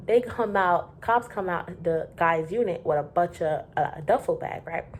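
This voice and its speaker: A woman from Florida telling a rambling, profane storytime about her work, animated and loose. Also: on the low side, moderate pace, a little hiss or hum. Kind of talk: casual storytime.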